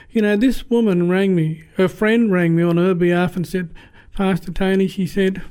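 High-voiced impassioned preacher man. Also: dark tone. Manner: impassioned, storytelling preacher who repeats phrases for emphasis. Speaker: pastor. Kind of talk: sermon.

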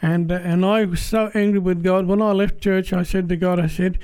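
An Australian man giving a personal church testimony in a plain-spoken, halting, earnest way. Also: sits high, level tone, dark tone.

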